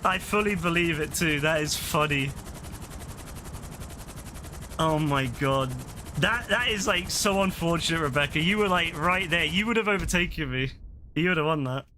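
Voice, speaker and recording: A young man giving chatty, excitable casual commentary while playing an online game, full of fillers and quick laughs. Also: fairly high pitch, a little hiss or hum. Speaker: gaming streamer.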